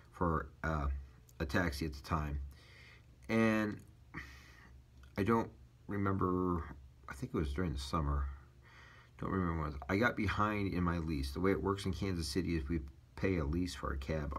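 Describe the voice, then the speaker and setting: A man's voice: low-pitched, breathy edge. A man telling his personal testimony as a taxi driver, rambling casually with many fillers and restarts.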